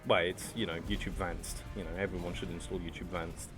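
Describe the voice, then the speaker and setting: Man from France, low voice, rambling joking gameplay chatter, desk mic, faint music behind. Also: flat delivery, a little fast. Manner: joking, rambling, answers chat. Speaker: streamer. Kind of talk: casual gameplay commentary.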